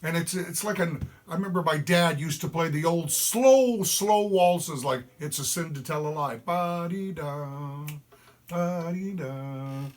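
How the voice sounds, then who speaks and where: A man's voice: on the high side, normal speed, few pauses. A man hosting his fiddle music show, introducing tunes with folksy enthusiasm and humming a melody. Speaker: host and fiddler.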